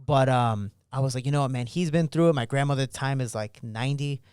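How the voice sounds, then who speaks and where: A man's voice: medium pitch, quick pace, clear, resonant tone, no echo, studio quality. A man, a podcast guest and pro fighter, telling a story in casual slangy talk and acting out the dialogue he remembers. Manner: animated, acts out remembered dialogue.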